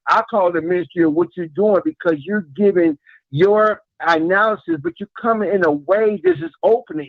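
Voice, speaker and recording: Phoning in to a live show, a man with a high-pitched voice speaks earnestly and rambles, repeating himself while praising the host. The phone line sounds muffled, though there's no echo.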